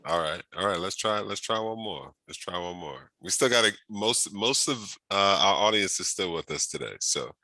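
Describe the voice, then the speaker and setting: Here a deep-voiced man runs a casual online workshop event on a video call, chatty and upbeat with plenty of fillers and restarts. He speaks at normal speed with few pauses, lively intonation and a sharp tone, and there's no echo.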